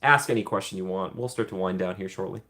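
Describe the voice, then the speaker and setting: A man's voice: low voice, quick pace, pushed and bright. A man hosting a casual livestream, reading viewer questions aloud and chatting back with frequent laughs and ums. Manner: chatty, laughs often, many ums, reads chat aloud. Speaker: livestream host answering chat. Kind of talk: casual live Q&A chat.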